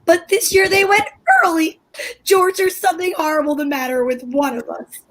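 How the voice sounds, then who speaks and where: A woman's voice: very high voice, steady tone, normal speed, a bit bright, poor audio. A woman playing a melodramatic, fretful wife in an old-time radio play. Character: fretful wife Liz, dramatic and self-pitying. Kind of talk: 1940s radio acting.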